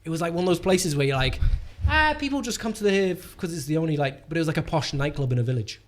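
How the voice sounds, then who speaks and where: A man's voice: fairly high pitch, animated, fast. A young man, telling a rambling, sweary comedy-gig story in casual podcast chat. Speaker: comedian guest.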